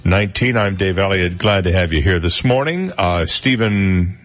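A man in his sixties with a deep baritone voice, hosting a morning radio talk show and telling stories at a relaxed pace with plenty of fillers. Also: normal speed, soft background music. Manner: relaxed storytelling with frequent fillers. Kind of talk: casual morning radio chat. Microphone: studio broadcast mic.

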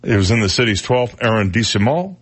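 A man's voice: on the low side, lively intonation. Chatty man telling funny news stories. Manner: chatty storyteller, jokey asides, quick impressions. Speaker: radio host. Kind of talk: casual radio chat.

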